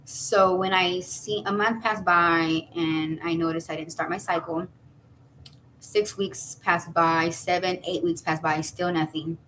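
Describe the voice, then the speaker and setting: A woman's voice: steady tone, measured pace, fairly bright tone, slight background noise, rough recording. A woman in her thirties telling a personal story casually, rambling with fillers and restarts. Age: 30s. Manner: acts out quoted voices with high jumps. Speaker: vlogger.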